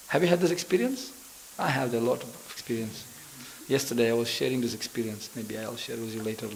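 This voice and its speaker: In a rough recording from a temple hall, a visiting preacher with a medium-pitched, creaky voice talks a little fast. His sermon is built on storytelling, with characters acted out and plenty of laughter.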